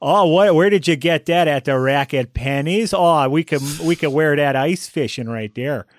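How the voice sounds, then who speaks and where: A man's voice: a little high, normal speed, no echo, studio quality, lightly acted. A man voicing a cheerful, folksy man with an exaggerated Upper Midwest American accent. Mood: gushing.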